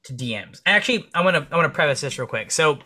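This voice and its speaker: A man speaking as a police officer and podcast guest. He tells energetic stories in casual interview chat and swears freely. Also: fast talker, slightly rough. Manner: acts out dialogue in comic high voices.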